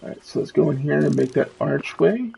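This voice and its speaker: Gravelly man streaming a cozy game. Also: a little high, animated, brisk, mellow, low-quality recording. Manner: reads quest text and character dialogue aloud. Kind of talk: casual gameplay commentary.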